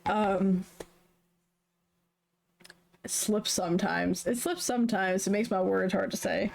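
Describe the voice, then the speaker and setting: A woman's voice: mid-range voice, fairly even intonation, takes it slowly, gravelly, long pauses, a little mellow, slight background noise. A woman from the Southern United States streaming live, chatting casually in a meandering way with many fillers. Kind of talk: casual chat.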